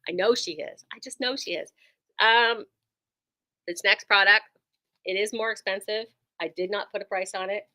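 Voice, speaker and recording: A woman's voice: medium pitch, steady tone, moderate pace, pushed and bright. A woman who runs a quilt shop, chatting enthusiastically through a casual product demo with lots of ums and likes.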